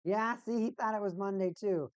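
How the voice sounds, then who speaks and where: A woman's voice: medium pitch, normal speed, a little mellow, clear, resonant tone, no echo, lo-fi sound. A woman hosting a hockey watch party stream, chatting casually and playfully, rambling and repeating phrases in a sing-song way. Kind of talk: casual livestream chat with play-by-play.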